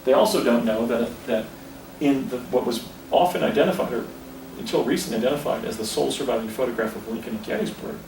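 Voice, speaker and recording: A man's voice: medium pitch, fast, gravelly. A man in his fifties tells a story outdoors at a historic site, rambling and correcting himself as he points things out. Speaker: speaker recounting an experience. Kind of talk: casual storytelling on location. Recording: distant, echoey, faint outdoor noise.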